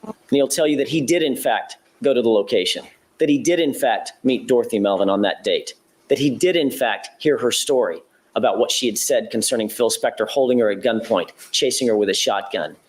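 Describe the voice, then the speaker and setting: Man, mid-range voice, prosecutor, opening statement in a courtroom, methodical and deliberate. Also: medium pitch. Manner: measured, methodical retelling with occasional self-corrections.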